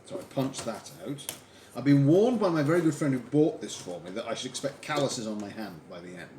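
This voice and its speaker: A man's voice: medium pitch, a little fast. A man hosting a livestream, chatting casually and telling stories while crafting. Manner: lively, chatty storyteller. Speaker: livestream host. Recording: echoey room, faint background hiss.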